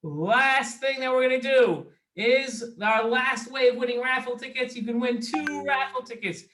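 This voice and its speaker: A man hosting a children's show, giving quiz instructions slowly and deliberately to young viewers. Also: very high-pitched, pushed and bright, slight background noise. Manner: slow, deliberate, talks straight to young viewers. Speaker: kids' show host. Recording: roomy echo.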